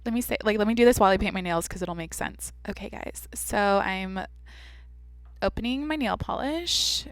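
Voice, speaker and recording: A woman imitating a young woman who talks in heavy vocal fry, stretching her words out slowly and softly. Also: medium pitch, close to an everyday voice. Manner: soft, dragged, languid delivery.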